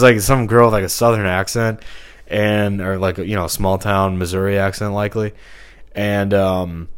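Low-voiced man rambling with fillers. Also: steady tone, moderate pace, clean tone. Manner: rambling, many fillers and restarts. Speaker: podcaster. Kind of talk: rambling personal monologue.

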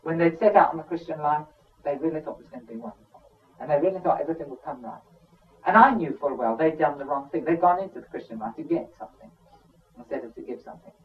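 A man's voice: on the high side, fast talker. Male preacher on a dull, distant recording. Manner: conversational, emphatic, frequent "you know" asides. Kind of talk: sermon. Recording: dull sound from a distant mic.

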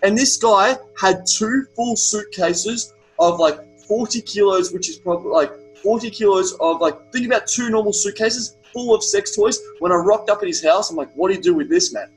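High-voiced Australian man telling stories. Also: normal speed, few pauses, soft background music, poor audio. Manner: animated storytelling, heavy swearing. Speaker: podcast guest. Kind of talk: casual chat.

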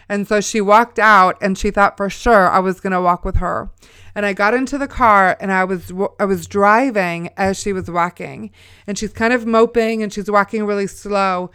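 Middle-aged woman, smooth voice, earnest Christian storyteller who exhorts listeners. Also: medium pitch, steady tone, normal speed, a bit bright, dry recording, studio quality. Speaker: mother sharing a faith testimony.

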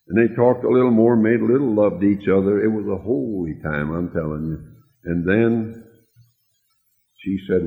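Male preacher, lowish voice, tender sermon storyteller; thin, echoing hall recording. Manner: slow, tender storytelling, drops to a hush for quotes. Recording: tinny, phone-like, with a long hall echo.

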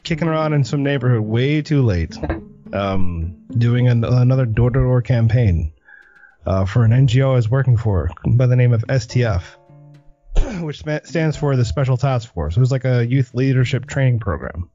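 A man hosting a podcast, telling a story in a lively, animated way during a casual interview. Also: mid-range voice, moderate pace, lo-fi sound, faint music behind. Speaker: podcast host.

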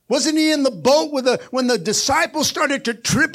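An older man, a pastor, preaching a sermon with fervent energy, often calling out "amen" and rising to shouts. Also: very high voice, normal speed. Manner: energetic preaching with frequent "amen" and "come on, somebody", climbing to shouts.

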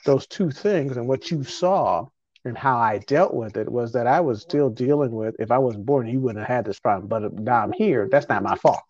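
A man's voice: medium pitch, moderate pace, hardly any pauses, darkish tone. A middle-aged man hosting a podcast, talking in a rambling, emotional way with frequent restarts. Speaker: podcast host. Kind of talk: casual conversation. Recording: dull lo-fi podcast audio.

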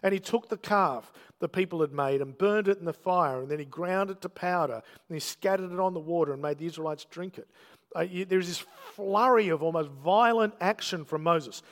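A man's voice: high voice, a little fast, a bit bright, long reverb tail. A man preaching a sermon, telling the story with emphatic, dramatic delivery and quoted lines.

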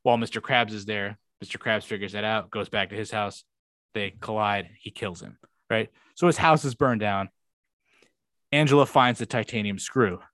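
A man's voice: lowish voice, moderate pace, a bit bright, dry recording. Profane young man rambling through a recap. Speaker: podcast co-host. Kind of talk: casual chat.

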